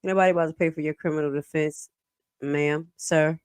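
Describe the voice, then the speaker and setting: A woman's voice: sits low, fairly even intonation, fairly quick, smooth, dry recording. A woman hosting a live stream, commenting on meeting clips in a sassy, profane, emphatic way.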